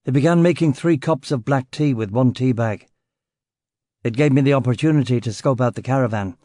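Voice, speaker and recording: A man's voice: medium pitch, fairly quick, warm tone, dry recording, clean studio sound. A man reading a first-person detective novel aloud in clipped, terse phrases. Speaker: audiobook narrator.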